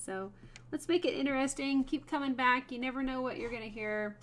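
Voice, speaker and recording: A woman's voice: high-pitched, fairly quick, a little hiss or hum. Chatty woman hosting a craft livestream. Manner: chatty, laughs often, talks to viewers by name. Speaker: host of a wood burning livestream. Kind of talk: casual livestream chat while working.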